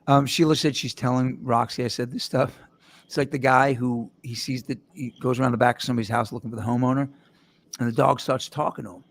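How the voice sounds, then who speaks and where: A man's voice: mid-range voice, steady tone, fast talker, gravelly. A man hosting a casual podcast, telling rambling jokey stories with his co-hosts. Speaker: host.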